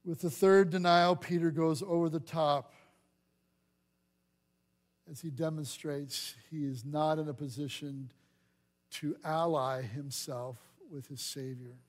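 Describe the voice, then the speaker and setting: A man's voice: fairly high pitch, fairly even intonation, slow pace, pauses often. A man preaching a sermon as pastor, acting out the voices of the scripture scenes he reads. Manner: dramatic acting out of scripture dialogue.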